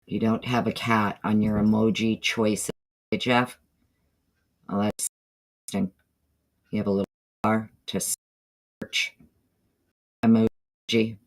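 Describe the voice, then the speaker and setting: A woman with a Southern drawl hosts a relaxed livestream chat. She talks loosely, wandering between her thoughts and greeting members of the chat by name as they arrive. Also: extremely low pitch, slow pace, pauses often. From northeastern United States. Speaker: livestream host.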